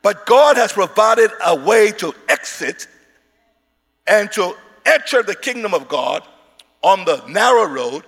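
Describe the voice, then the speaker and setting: A preacher delivering an emphatic sermon, repeating words and rising into shouts. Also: male voice, sits high, expressive, measured pace, gravelly. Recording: hall reverb.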